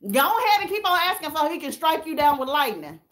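A woman's voice: high voice, very animated, fairly quick, fairly bright tone. A woman hosting a casual livestream, tearful and candid as she talks straight to her viewers and reads their comments. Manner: candid and emotional, addressing viewers as y'all.

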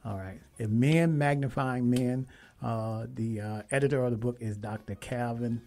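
A man hosting a radio talk show, telling a story with lively, emphatic quoted dialogue. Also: mid-range voice, moderate pace. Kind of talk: casual storytelling and interview.

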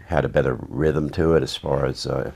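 A man with an extraordinarily low, rumbling voice, recounting stories from a career in acting. He rambles along with dry, wry asides in an easygoing interview manner. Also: fairly even intonation, moderate pace, creaky, a little mellow, slightly rough. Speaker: actor being interviewed. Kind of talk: casual anecdotal storytelling.

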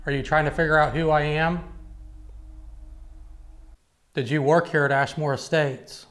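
Jumpy man ghost-hunting alone, higher voice. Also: steady tone, brisk, low-quality recording. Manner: hushed, jumpy, talks to spirits. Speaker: paranormal investigator. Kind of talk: solo ghost-hunt narration to camera. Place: dark abandoned building, alone at night.

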